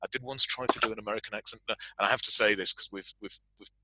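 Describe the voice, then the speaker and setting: Bright-toned British man moderating a panel. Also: on the low side, steady tone, very fast, no echo, rough recording. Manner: self-deprecating, chatty, laughs often. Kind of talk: panel discussion chat.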